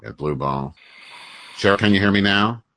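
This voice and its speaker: Deep-voiced man bickering over a call. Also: expressive, normal speed, fairly bright tone. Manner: bickering, crude, teasing. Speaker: podcast co-host. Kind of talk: casual chat, mic testing. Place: workplace room with a fan. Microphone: desk mic.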